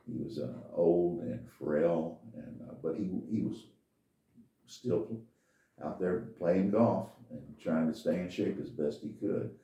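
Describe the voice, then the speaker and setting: A man's voice: very deep voice, mellow. An older man telling a personal story in a folksy, meandering, plain-spoken way as a podcast host. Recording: echoey room, distant from mic.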